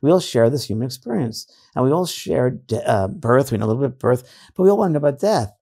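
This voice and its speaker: A man's voice: medium pitch, fast, creaky. A middle-aged man from New York, a psychic medium, telling stories in a casual interview and acting out other people's voices. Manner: animated storyteller, acts out voices.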